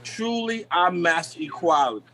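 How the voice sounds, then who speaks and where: A man on a live video call, explaining the deeper meanings of words in a preachy, repetitive way. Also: animated, normal speed, bright, forceful tone, rough recording. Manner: preachy, repeats "you know what I'm saying". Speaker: guest. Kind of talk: live stream talk on word meanings.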